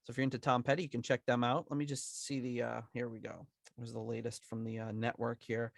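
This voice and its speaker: A man's voice: mid-range voice, little pitch movement, fast, gravelly, dry recording, clean studio sound. A man co-hosting a podcast in easygoing chat, rambling with many restarts. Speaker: podcast co-host.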